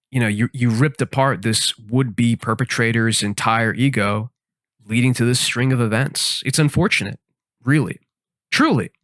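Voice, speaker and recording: Slow, dry-voiced man musing mock-seriously. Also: mid-range voice, no echo. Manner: mock-serious, tangential deadpan reasoning. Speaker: podcast host. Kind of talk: rambling comic monologue while gaming.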